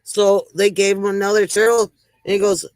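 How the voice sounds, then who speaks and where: A woman's voice: medium pitch, little pitch movement, moderate pace, a little mellow, no room sound, poor audio. A woman hosting a casual livestream, chatting with viewers, greeting them by name and telling corny jokes. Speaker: livestream host.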